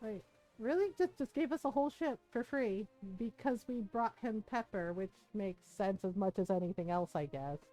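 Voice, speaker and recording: A woman's voice: medium pitch, moderate pace, faint music behind. A woman streaming a game, chatting casually and laughing as she plays. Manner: chatty, laughing, animated impressions. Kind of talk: casual live-stream commentary.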